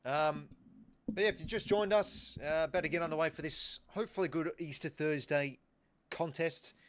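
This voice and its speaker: This young Australian livestream host chats casually through a football watch-along, thanking viewers as he goes and restarting often. His voice is a little high and fairly bright, moving at a moderate pace.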